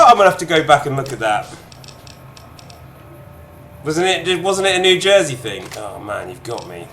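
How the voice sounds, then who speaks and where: A man giving excitable, chatty let's-play commentary while gaming, addressing viewers. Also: a little high, normal speed, long pauses, slight background noise. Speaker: gamer streamer. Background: game music.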